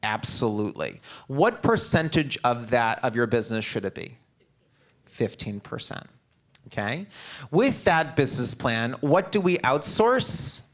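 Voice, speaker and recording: A man leads a live business seminar in a direct, upbeat coaching manner. His voice sits in an ordinary middle pitch. He keeps checking in with the audience through short questions. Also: sing-song. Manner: peppers talk with quick check-in questions to the audience. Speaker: real estate seminar presenter.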